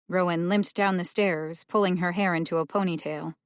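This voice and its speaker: A woman reading a thriller audiobook as narrator in a measured, unhurried way. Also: fairly low pitch, fairly even intonation, clear, resonant tone, no echo, studio quality. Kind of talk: scripted narration.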